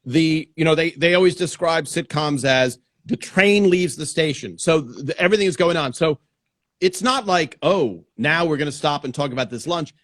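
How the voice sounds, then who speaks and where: A man hosting a casual live-stream chat, reading out viewer questions in a relaxed way. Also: fairly high pitch, normal speed, dry recording, clean studio sound. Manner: relaxed, reads viewer comments aloud. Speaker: host.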